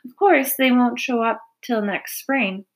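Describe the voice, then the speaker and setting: A woman playing weary gentle mother spider, soft and a little high, storybook. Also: measured pace. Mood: weary, tender. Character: gentle aging female spider, tired and wise.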